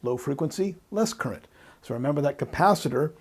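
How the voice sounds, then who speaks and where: A man with a slightly high, husky voice teaches electronics, walking through each step as he draws. He talks patiently, comes back to the main points and thinks aloud as he goes. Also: expressive, fairly quick, dark tone. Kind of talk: explaining while drawing on a board.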